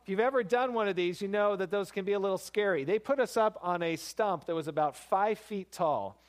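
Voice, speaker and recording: Pastor, male, slightly higher voice; conversational sermon delivery that leans into emphasis. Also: brisk. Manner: conversational, storytelling with rising emphasis.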